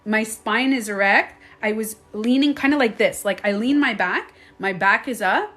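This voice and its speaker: A woman's voice: on the high side, normal speed, sharp tone, faint music behind. A middle-aged woman hosting a live stream, telling a story casually, laughing often and acting out her own reactions.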